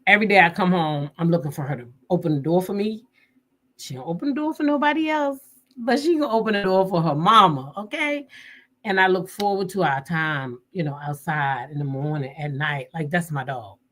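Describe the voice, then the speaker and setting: A woman telling viewers a personal story in a casual, animated and emotional way. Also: low voice, a little fast. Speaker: vlogger.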